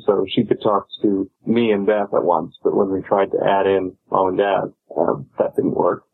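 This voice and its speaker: Podcast co-host, man, lowish husky voice, lots of ums, tinny phone-line sound. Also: level tone, normal speed. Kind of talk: casual chat.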